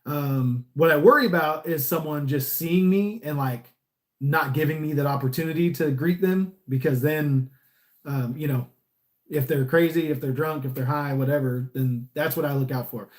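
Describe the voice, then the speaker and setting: A Californian man talks loosely through a live stream, answering viewer comments as he goes. His delivery is smiley and easygoing, wandering through restarts. His voice sits a little higher than most men's. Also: normal speed. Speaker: repo agent and YouTuber. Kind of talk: casual live-stream chat reading comments.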